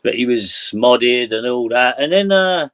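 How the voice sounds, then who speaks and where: A male stream host in casual chat, with a mid-pitched voice recorded bone dry. He hesitates and restarts as he tells the others what went on. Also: expressive, unhurried, a bit bright, clean tone, dry recording. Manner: hesitant, restarts while telling a story.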